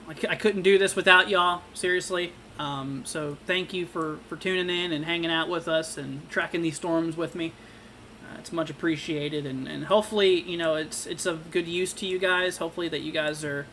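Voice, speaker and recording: A young man hosting a live severe-weather stream, talking casually with lots of fillers and halting restarts while reading viewer comments. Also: on the high side, fairly bright tone, a little hiss or hum. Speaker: livestream weather host.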